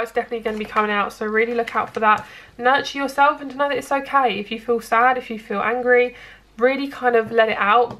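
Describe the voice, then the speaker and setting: A woman's voice: on the high side, a bit bright. A woman giving a casual, reassuring tarot reading straight to her viewers. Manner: chatty, reassuring, addresses viewers directly. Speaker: tarot reader.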